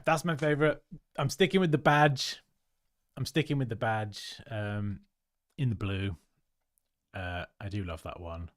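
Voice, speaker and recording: A man's voice: on the low side, a bit bright, no room sound, studio quality. A man hosts a livestream, giving chatty, upbeat feedback on viewers' design work and laughing often. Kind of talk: casual livestream commentary.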